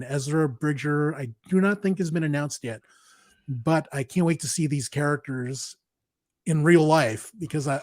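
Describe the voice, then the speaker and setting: A man's voice: mid-range voice, no room sound, clean studio sound. A man co-hosting a podcast, chatting casually as an enthusiastic fan who laughs easily. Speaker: podcast co-host. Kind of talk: casual chat.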